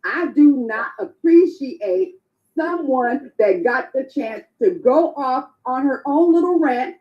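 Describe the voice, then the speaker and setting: A woman with a high voice lectures a fellow panelist in a heated online podcast argument, scolding and repeating her points for emphasis. The sound is dull and lo-fi, like call audio. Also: expressive, slow.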